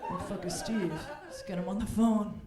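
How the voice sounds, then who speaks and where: A woman's voice: medium pitch, fairly even intonation, normal speed, a crowd in the background. A woman performing a stand-up comedy set on a club stage, brash and bawdy, often breaking into mocking voices for the people she quotes. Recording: echoey club room.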